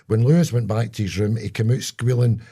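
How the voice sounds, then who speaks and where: A man's voice: fairly low pitch, fairly quick, warm tone, husky. An older man with a Scottish accent, co-hosting a casual comedy podcast and telling crude stories with relish. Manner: bawdy, storytelling, crude jokes. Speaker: podcast co-host.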